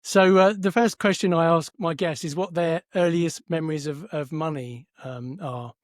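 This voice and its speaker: A man's voice: fairly high pitch, moderate pace, no echo, studio quality. A man hosting a podcast in a friendly, affirming way, with some hesitant fillers. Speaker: podcast host. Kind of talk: casual interview chat.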